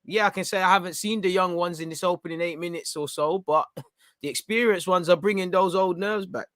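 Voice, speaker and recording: Young man hosting a fan watchalong, bright tense voice, urgent match reactions, dry close sound. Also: sits high, a little fast, no echo. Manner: excitable, urgent, coaching the players. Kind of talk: live match reaction commentary.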